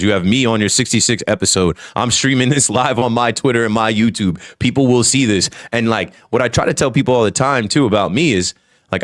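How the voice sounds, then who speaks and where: A man's voice: lowish voice, dry recording. Articulate man, emphatic, dry mic. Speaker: guest, former radio host. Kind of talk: casual podcast chat.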